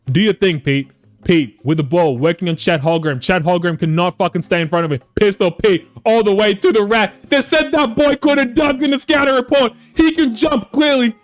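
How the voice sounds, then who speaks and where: A man commentating his own basketball video game, swearing often and swinging between shouting and flat muttering. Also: high voice, dry recording. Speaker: gaming YouTuber.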